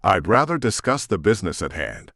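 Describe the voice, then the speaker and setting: A man's voice: deep voice, sing-song, fairly quick, fairly bright tone, no echo, clean studio sound, heavily acted. A man voicing a guarded male shifter leader in an audiobook, level and commanding. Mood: stern.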